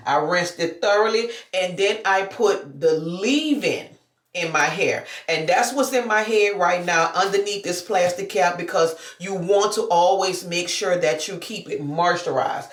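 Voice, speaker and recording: Chatty woman vlogger in an echoey room. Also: fairly low pitch. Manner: chatty, informal, addresses viewers directly. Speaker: natural hair care vlogger. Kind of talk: casual talk-through tutorial. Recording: echoey room, mic at a distance.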